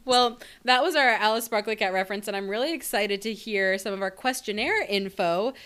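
Bright, crisp-voiced woman podcast co-host. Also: medium pitch, brisk. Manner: thinks aloud, many fillers and restarts. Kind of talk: casual astrology chat.

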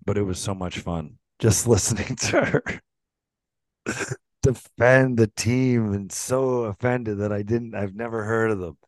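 A man's voice: fairly low pitch, a little slow, a little mellow, dry recording. A man on a podcast casually telling a rambling anecdote, restarting his sentences and chuckling as he goes. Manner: rambling, self-interrupting storyteller who chuckles often.

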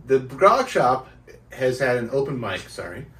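A man's voice: mid-range voice, huge pitch swings, slow pace, fairly bright tone. A man hosting a casual comedy podcast, teasing his co-hosts and explaining things at length. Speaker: podcast host. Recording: roomy, distant mic.

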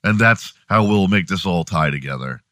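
A male morning show host rants with profane sarcasm in a comedic monologue. His voice sits a little low, and the sound is dry and close with no room echo. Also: expressive, moderate pace, pushed and bright. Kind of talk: comedic rant.

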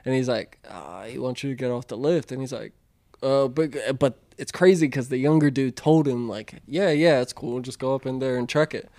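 A man in a casual chat, telling work stories with lots of swearing and laughter, acting out coworkers in loud high voices. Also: moderate pace, no room sound. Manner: storytelling, acts out coworkers with loud high quotes, laughs a lot, swears freely.

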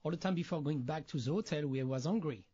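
A man with a French accent talks earnestly as a chef guest in a casual interview, his phrasing halting and non-native. His voice sits a little high and has a husky edge. The audio is muffled and lo-fi. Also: warm tone.

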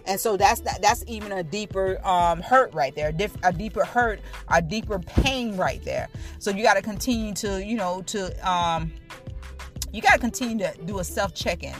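A woman in her thirties shares a candid personal testimony, speaking directly to her listeners in an earnest, repetitive way. Her pitch is medium and her pace moderate, with soft music playing behind her.

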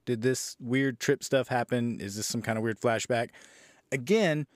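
A man's voice: mid-range voice, no room sound, studio quality. A man hosting a podcast, casually retelling a movie's plot with profanity, sarcasm and disbelief. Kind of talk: casual movie review recap.

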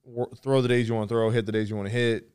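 A man's voice: mid-range voice, level tone, racing, a little mellow, smooth. A man co-hosting a casual sports chat, blunt and profane, steering the topics. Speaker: podcast co-host.

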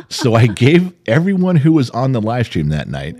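A middle-aged podcast host with a mid-range voice tells a story in casual chat, animated and profane, acting out the people he quotes.

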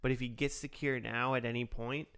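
A man's voice: mid-range voice, level tone, brisk, crowd noise. A man co-hosting a podcast, thinking aloud in a rambling, casual way. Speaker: podcast co-host. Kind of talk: casual chat.

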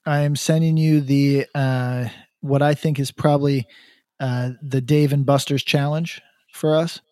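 A man's voice: mid-range voice, fairly even intonation, a little slow, warm tone, no room sound, studio quality. A man co-hosting a podcast in casual chat, rambling and profane, stumbling over restarts. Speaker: podcast co-host.

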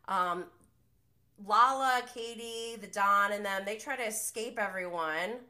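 A woman's voice: mid-range voice, measured pace, bright, forceful tone. A woman hosting a podcast, recapping reality TV in a gossipy, opinionated way and swearing freely. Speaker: podcast host.

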